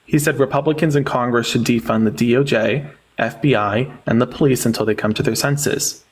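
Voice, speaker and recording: A man's voice: mid-range voice, fairly quick, slightly rough. A young man hosting a live online debate, mocking and sarcastic, often cutting his guests off. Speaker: livestream debate host.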